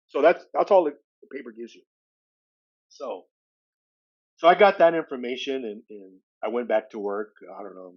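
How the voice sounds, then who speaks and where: A man's voice: lowish voice, a little mellow, lo-fi sound. A man in his sixties from California, a podcast guest telling a personal story in a loose, conversational way. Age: 60s. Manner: loose, conversational, retells dialogue with "he goes".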